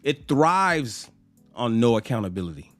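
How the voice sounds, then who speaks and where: A man's voice: mid-range voice, big pitch swings, a little slow, fairly bright tone, dry recording, faint music behind. A man giving a blunt opinion monologue to camera, emphatic and profane, acting out the people he quotes. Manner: blunt, emphatic, swears freely; acts out quoted people in mocking voices. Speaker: social commentator.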